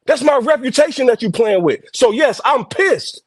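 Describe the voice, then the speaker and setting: A man's voice: very high voice, expressive, normal speed, dry recording. An angry man arguing over a video call as a guest on a live stream, confrontational and profane. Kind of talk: heated argument.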